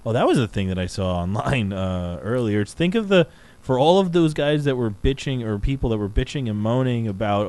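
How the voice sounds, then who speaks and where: A man co-hosting a podcast, chatting casually and excitedly about wrestling, with plenty of swearing. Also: normal speed, low-quality recording. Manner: animated, swearing, pitch jumping up when excited. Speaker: podcast co-host.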